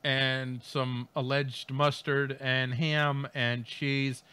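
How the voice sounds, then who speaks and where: A man's voice: medium pitch, level tone, extremely slow, bright, forceful tone, clean tone. A man co-hosting a podcast, reading out a news story and riffing on it with jokes, laughter and mock voices. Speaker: podcast co-host. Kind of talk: comedic news commentary.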